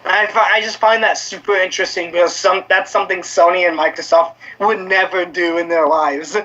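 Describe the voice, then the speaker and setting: A man co-hosting a casual gaming podcast, talking in an animated, profane way and bursting into shouts. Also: high voice, fairly quick. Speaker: podcast co-host. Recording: dull lo-fi audio.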